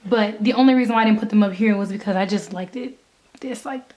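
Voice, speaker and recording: A woman's voice: medium pitch, quick pace, warm tone. A young woman vlogging casually from her bedroom, chatty, swearing freely and laughing between thoughts. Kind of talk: casual vlog.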